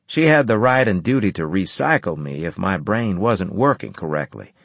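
A man narrating a first-person story in an expressive, storytelling way. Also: deep voice, normal speed, creaky, no room sound. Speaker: audiobook narrator.

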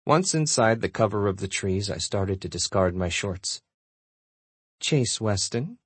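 A man narrating a first-person audiobook in a steady, relaxed storytelling manner. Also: low-pitched, moderate pace, husky, dry recording.

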